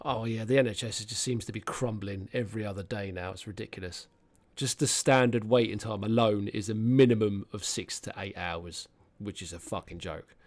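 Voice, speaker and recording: A man's voice: on the low side, moderate pace, few pauses, darkish tone. A British man in his thirties chatting casually on a podcast, telling rambling stories and swearing freely. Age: 30s. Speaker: podcast co-host. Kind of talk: casual chat.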